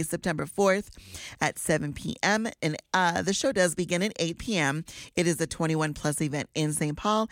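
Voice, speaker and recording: A woman's voice: low-pitched, no echo. A woman radio host, emotional and teary, gushing through morning chat and local event announcements in a studio. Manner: gushing, effusive, lots of sighs and exclamations.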